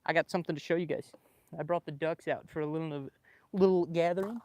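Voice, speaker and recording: A man livestreaming casually from his backyard with a small clip-on microphone, excitable and joking with his viewers. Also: on the high side, fast, no room sound. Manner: excitable, laughing, swearing, chatting with viewers. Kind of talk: casual live stream chat. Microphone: small clip-on microphone with a phone.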